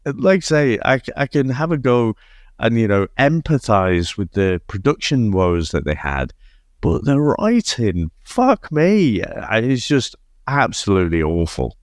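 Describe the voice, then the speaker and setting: A man's voice: mid-range voice, very animated, a little slow, dry recording, clean studio sound. A man co-hosting a casual film review chat, incredulous and sweary, often restarting his sentences. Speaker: podcast co-host.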